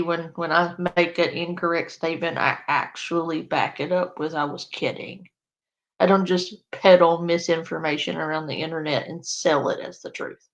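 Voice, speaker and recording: A woman's voice: fairly low pitch, gravelly, highs cut off. A woman streamer chatting casually at home, swearing freely and baby-talking to her dog. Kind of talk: casual live-stream chat.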